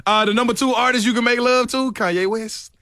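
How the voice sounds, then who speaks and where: A man's voice: very high-pitched, steady tone, a little fast, bright, forceful tone, no echo, studio quality. A man co-hosting a morning radio show, reading out a list in playful, laughing banter. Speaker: radio co-host.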